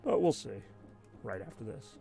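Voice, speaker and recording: A man's voice: on the low side, very animated, normal speed, vocal fry, dark tone, soft background music. A man rambling and venting in casual chat while streaming live gameplay, with frequent asides. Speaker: gaming streamer.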